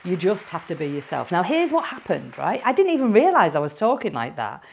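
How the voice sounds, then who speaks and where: A woman's voice: lowish voice, wildly swooping pitch, fairly quick, gravelly, a little hiss or hum. A woman with a Yorkshire accent, a speaking coach talking playfully and directly to camera. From Yorkshire, England.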